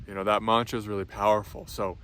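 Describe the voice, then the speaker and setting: A man giving a gentle spiritual talk as a teacher, speaking softly and reassuringly with frequent ums and restarts. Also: on the low side, flat delivery, slight background noise. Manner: soft, slow, reassuring, with many ums and restarts.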